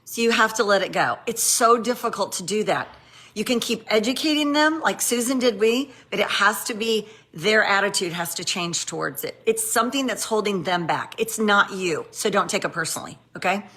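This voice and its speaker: A middle-aged woman with a bright, forceful voice gives an upbeat training talk. She is sassy and animated, exclaiming and addressing her listeners directly. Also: medium pitch, moderate pace, slightly rough. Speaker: network marketing trainer.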